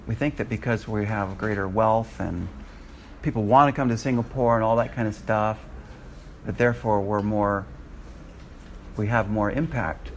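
A man, a Bible college lecturer and missionary, telling a testimony to a classroom, acting out his own words with sudden high jumps in pitch and bursts of laughter. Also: steady tone, moderate pace, pauses often, slight background noise.

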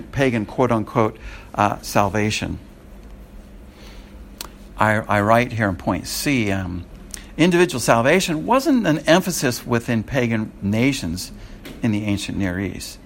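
A man's voice: on the low side, sing-song, a little slow, slight background noise. American man teaching a Bible class. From United States. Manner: conversational, checks in with the class. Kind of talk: classroom lecture.

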